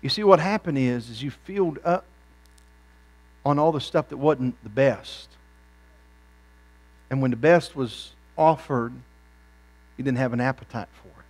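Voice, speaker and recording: A man preaching a revival sermon in a church, folksy and humorous, climbing from low, conversational lines into loud, fervent peaks. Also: measured pace, long pauses. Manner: folksy, rising to fervent shouts then dropping low. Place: church sanctuary.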